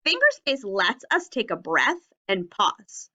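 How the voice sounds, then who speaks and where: A woman teacher leading a children's writing lesson on video, speaking slowly and enunciating words carefully so young learners can follow. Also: mid-range voice, big pitch swings, pushed and bright, lo-fi sound. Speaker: elementary teacher.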